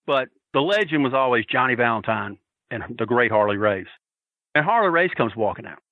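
A man telling a story on a podcast, loud and profane, acting out the shouts of the crowd with laughter. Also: mid-range voice, lively intonation, a little fast, dry recording, phone-quality sound. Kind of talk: animated storytelling.

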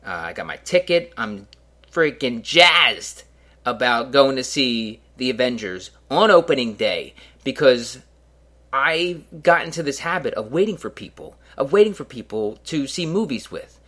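A man's voice: mid-range voice, big pitch swings, unhurried, fairly bright tone. Rambling, self-mocking male podcast host. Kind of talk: casual solo podcast monologue.

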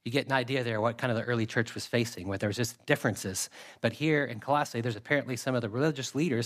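A man preaching a sermon with a mid-range voice. He talks to the congregation in a relaxed, conversational way and reads scripture in a steady cadence. He leans on repeated phrases to drive his points home. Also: medium pitch. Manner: conversational preaching with emphatic repetition. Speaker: pastor.

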